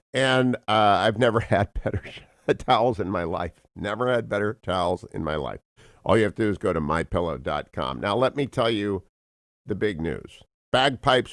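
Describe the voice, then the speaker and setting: A man hosting a talk radio show from a studio, reading the news in a booming, theatrical way. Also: no echo. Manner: booming, theatrical, laughs at own jokes. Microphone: studio microphone.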